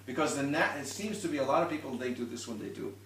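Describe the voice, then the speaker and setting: With an expressive, fast delivery, a fairly bright tone, and some vocal fry, this medium-pitched male violin teacher patiently guides a single student, demonstrating and restarting along the way. The distant, roomy recording has slight background noise.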